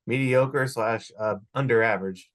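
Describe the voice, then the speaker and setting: A man's voice: mid-range voice, moderate pace, fairly bright tone. A man co-hosting a sports podcast, chatting casually in a laid-back, teasing way. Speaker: podcast co-host.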